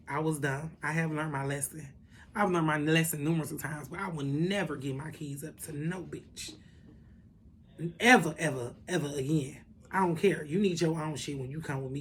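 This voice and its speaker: A woman telling a story in a casual vlog, animated and profane, with lots of asides to the viewers. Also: deep voice, a little hiss or hum. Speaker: vlogger.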